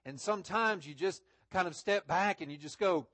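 A man preaching a Sunday sermon in church, often repeating words and rising to loud, stressed phrases. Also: sits high, normal speed, no echo. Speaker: pastor. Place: church sanctuary.

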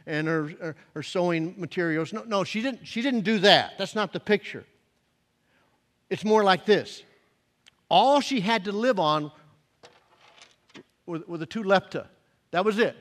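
High-pitched male pastor preaching, lots of restarts, loud then quiet, long echoey church reverb. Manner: animated preaching with many restarts, swings between soft and loud. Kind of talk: sermon. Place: church sanctuary.

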